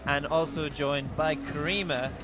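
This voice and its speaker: A man giving live commentary at a climbing competition, building excitement as the climb goes on. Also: on the high side, a little slow. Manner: rises and speeds up excitedly during climbs. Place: outdoor climbing event. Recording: loud music and crowd behind.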